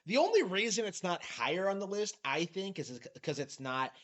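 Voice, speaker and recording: A man's voice: sits high, very animated, fairly quick, fairly bright tone. A man narrating a commentary video, sarcastic and incredulous. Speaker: YouTube commentator.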